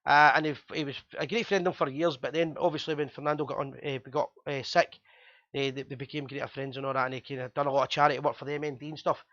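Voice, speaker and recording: A Scottish man hosting a fan chat show, talking fast and chatty with jokes. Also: medium pitch, steady tone, a bit bright, no room sound, muffled recording.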